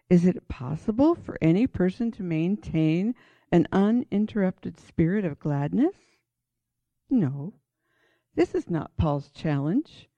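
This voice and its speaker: A woman's voice: on the low side, dark tone, no room sound. A woman teaching from the Bible in a sermon style, reading passages aloud and urging listeners on with earnest emphasis. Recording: dull lo-fi dry recording.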